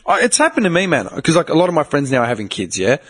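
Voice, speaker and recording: Animated man, lively swinging pitch. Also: fast. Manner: animated, swearing, mimics people in quoted voices. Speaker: podcast host. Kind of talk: casual podcast chat.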